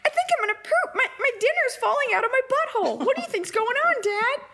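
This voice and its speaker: A squeaky, innocent puppy voice. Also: female voice, animated, quick pace, vocal fry, sharp tone, heavily acted. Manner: sweet, wide-eyed, repeats "Hey, Dad". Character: innocent, naive female puppy.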